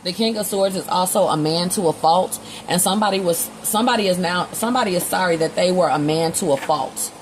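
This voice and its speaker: Brisk and barely pausing, a woman with a lowish voice does a laid-back tarot reading. She's blunt, swears liberally, uses slang, and voices both parties in quoted dialogue; the poor audio carries a faint hiss or hum.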